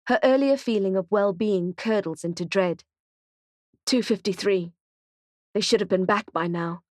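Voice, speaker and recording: A woman narrating a thriller audiobook in a tense, steady, present-tense storytelling voice. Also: mid-range voice, a little slow, no room sound, studio quality.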